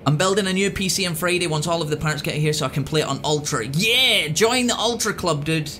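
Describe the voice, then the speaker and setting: Crude, excitable high-voiced gamer. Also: male voice, fairly quick, a little hiss or hum. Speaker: let's play host. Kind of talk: profane gameplay commentary.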